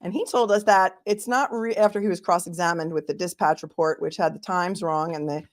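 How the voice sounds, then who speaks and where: A woman's voice: lowish voice, fairly even intonation, fairly quick. A middle-aged woman with a Boston accent hosting a casual livestream as an attorney, reading viewer messages aloud and chatting about the day in court. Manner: chatty, warm thanks to viewers, thinks aloud. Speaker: attorney and trial commentary host. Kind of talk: casual livestream chat reading super chats.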